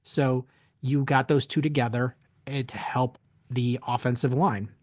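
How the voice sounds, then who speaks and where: A man co-hosts a casual sports podcast, speaking at a middle pitch and upbeat as he opens the show. The sound is dry and close, with no room around it. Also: fairly even intonation, measured pace, a little mellow, dry recording. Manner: upbeat show opener, reads a sponsor spot. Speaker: podcast co-host.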